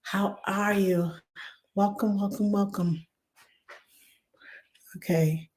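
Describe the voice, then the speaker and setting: A woman, hoarse from laryngitis, chatting warmly as she hosts a live cooking demo and greets viewers by name. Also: medium pitch, fairly even intonation, slow. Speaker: cooking show host.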